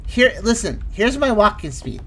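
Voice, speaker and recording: Woman, let's-play commentary, lively swooping pitch, mid-range voice, exclaiming as she goes. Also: moderate pace, slight background noise. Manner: animated, exclaiming, thinks aloud. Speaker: gameplay commentator.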